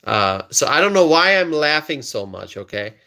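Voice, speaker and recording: A man's voice: a little high, very animated, normal speed, creaky, bright, forceful tone. Chuckling man hosting a live stream. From United States. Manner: laughs often, repeats words, reads chat aloud. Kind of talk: casual political live stream commentary.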